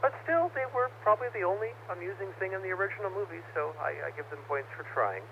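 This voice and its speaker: A man's voice: high-pitched, lively intonation, fast, creaky, background noise. Dry-humored man over a dull ham radio. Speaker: net participant. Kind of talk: radio net commentary.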